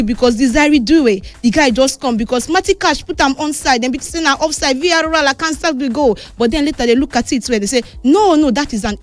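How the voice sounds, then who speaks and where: A high-pitched Nigerian woman runs through the day's football stories in a relaxed, chatty way. She moves easily between Pidgin and English and keeps her delivery lively. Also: dry recording. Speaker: sports news host. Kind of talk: casual sports news roundup.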